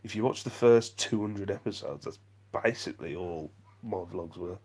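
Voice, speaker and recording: Man, young adult, live-stream vlogger, self-deprecating, breathy husky tone. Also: low-pitched, normal speed, darkish tone. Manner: rambling, self-deprecating, chatty. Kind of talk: live-stream chat reading comments.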